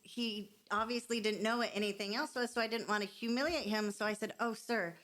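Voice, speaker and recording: A woman telling a restaurant story in casual chat, playful and lively, sometimes acting out what she said. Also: mid-range voice, a little fast. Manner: lively, playful, mock-formal quoting. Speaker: server sharing work stories.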